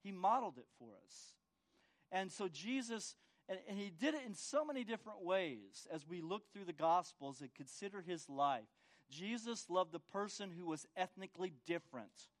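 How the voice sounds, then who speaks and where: A man's voice: high-pitched, lively intonation, normal speed. A man preaching a sermon as pastor, often asking the congregation for agreement and repeating words as he restarts. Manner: asks the congregation for agreement with tag questions.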